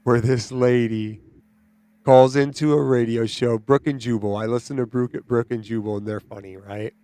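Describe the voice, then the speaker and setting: A man's voice: medium pitch, normal speed, no room sound. Casual man hosting a podcast, dry sound. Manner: animated storyteller, says "right?" and "dude" often. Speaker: podcast host. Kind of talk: casual chat.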